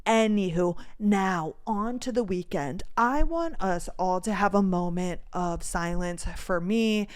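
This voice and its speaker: Smooth-voiced young woman telling stories. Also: medium pitch, slow pace, few pauses. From North Dakota, USA. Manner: animated storyteller, swears freely, acts out dialogue. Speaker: podcast host. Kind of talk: casual solo podcast chat.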